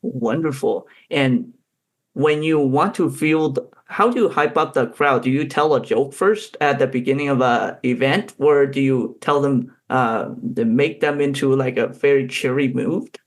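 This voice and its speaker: A man's voice: mid-range voice, measured pace. Male podcast host, mid-range voice, plain friendly interviewer. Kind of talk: interview questions.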